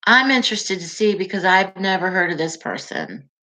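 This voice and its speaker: Very animated and sharp-toned, this mid-range voice belongs to a woman in her forties at normal speed. She runs a casual livestream, reading out viewers' comments and laughing often as she chats.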